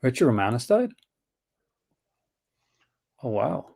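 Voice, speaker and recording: A man's voice: mid-range voice, very animated, takes it slowly, creaky, warm tone. A man from Newfoundland with a mixed Canadian and Newfoundland accent, hosting a casual livestream chat and telling stories with lots of laughter. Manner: chatty, laughs often, retells stories with voices. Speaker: host.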